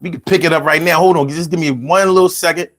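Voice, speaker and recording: A man hosting a casual call-in show, animated and playful, chanting lines rhythmically and chatting with viewers. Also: a little high, fast, a little hiss or hum. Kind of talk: casual livestream talk.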